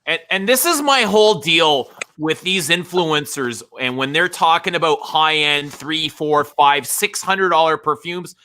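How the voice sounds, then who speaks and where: A man with a bright, forceful voice lays out his opinions in a casual chat. He is emphatic and somewhat preachy, hammering the same point again to make it land. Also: fairly high pitch, unhurried, few pauses.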